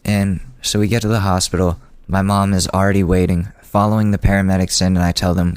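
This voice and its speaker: A podcast host telling a personal story in a casual, sardonic, rambling way, with frequent restarts. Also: male voice, deep voice, normal speed, darkish tone, no room sound.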